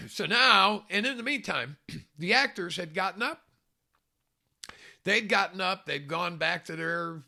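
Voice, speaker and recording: A man's voice: fairly high pitch, creaky, bright, forceful tone. A man casually telling a self-mocking story, chuckling often as he talks. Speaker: storyteller recalling a film job.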